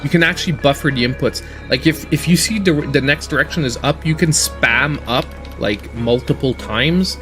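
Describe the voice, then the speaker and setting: A man hosting a gaming livestream who tells stories in a casual, animated way and laughs often while he plays. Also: mid-range voice, normal speed, hardly any pauses, soft background music. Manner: animated storytelling, laughing often, mimicking voices. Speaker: gaming channel host.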